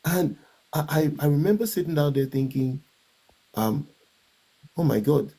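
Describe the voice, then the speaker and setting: Gravelly, husky man telling a testimony. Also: fairly high pitch, animated, a little slow, mellow. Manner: hesitant, reflective storytelling with restarts. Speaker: guest. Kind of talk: personal testimony in conversation.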